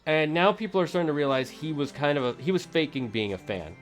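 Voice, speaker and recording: A man's voice: a little high, lively intonation, fast talker, faint music behind. A man streaming a video game, chatting casually with his viewers in a rambling, self-correcting and opinionated way. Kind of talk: casual let's-play chatter.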